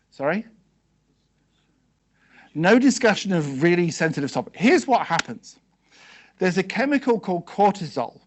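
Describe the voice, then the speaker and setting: A man giving a seminar talk to a live audience, asking them quick questions and checking in with "okay" and "yes?" as he goes. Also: a little high. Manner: conversational, peppered with "okay" and "yes?". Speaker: seminar speaker.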